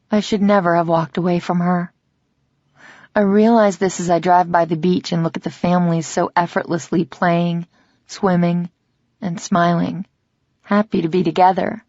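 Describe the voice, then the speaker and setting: A woman reading a first-person romance audiobook in a measured, reflective way, in a slightly dull, dry recording. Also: lowish voice, a little mellow, no echo. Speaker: audiobook narrator.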